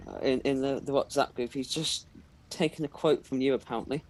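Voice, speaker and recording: A man's voice: mid-range voice, fairly quick, a little hiss or hum. A man co-hosting a live golf watch-along stream, chatting casually from further away from the microphone.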